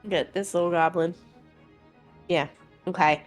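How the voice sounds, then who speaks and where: A woman playing a tabletop game, talking through her moves and apologizing for taking long. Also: lowish voice. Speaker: player.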